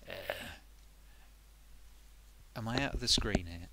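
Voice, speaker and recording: Feeling a bit under the weather, a man chats casually on a live stream, rambling and muttering to himself whenever he gets sidetracked. His bright, forceful voice is on the low side and expressive, with a slow pace and frequent pauses. A little hiss or hum can be heard.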